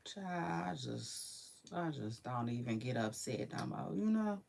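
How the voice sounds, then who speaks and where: A woman giving a casual, slangy reaction commentary, swinging from low mumbles to loud hype. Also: expressive, measured pace, creaky.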